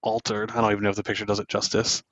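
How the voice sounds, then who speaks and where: A man's voice: fairly low pitch, monotone, rapid-fire, a bit bright, dry recording, dull audio. A man hosting a podcast, loosely retelling a film scene by scene with plenty of fillers. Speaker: podcast host. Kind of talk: casual film recap.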